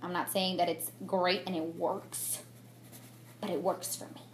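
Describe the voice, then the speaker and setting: A young woman with a fairly low, level voice speaks at a measured pace, with slight hiss or hum present. Filming a get-ready-with-me makeup vlog on a camera mic mounted on a tripod, she talks candidly and reflectively, using many fillers and restarts.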